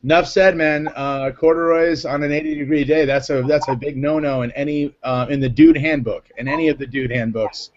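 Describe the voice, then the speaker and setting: A man's voice: on the high side, fairly even intonation, fairly quick, hardly any pauses, highs cut off, slight background noise. A man hosting a casual live panel chat, joking and rambling. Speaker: host.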